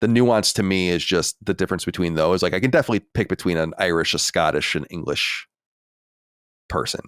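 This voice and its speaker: With a low-sitting, smooth, fairly bright voice and a slightly fast pace, this man from the United States co-hosts a podcast, reading listener mail before musing casually with plenty of fillers. The studio sound is clean, with no room sound.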